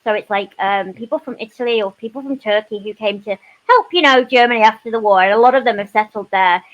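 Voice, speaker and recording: A woman's voice: a little high, fast, dull audio. Chatty woman telling stories. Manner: animated storytelling, frequent "you know" asides. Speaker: panel guest. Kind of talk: casual panel chat.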